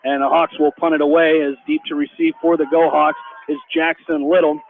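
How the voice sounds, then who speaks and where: A man calling high school football play-by-play on local radio, rising in excitement on big plays, heard over a tinny broadcast line with faint hiss. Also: fairly quick, creaky. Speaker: play-by-play announcer.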